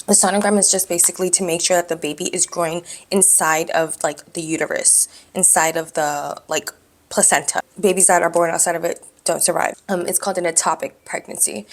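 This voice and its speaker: A woman vlogger telling a personal story candidly, in an animated way. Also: lowish voice. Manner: candid, animated, acts out dialogue.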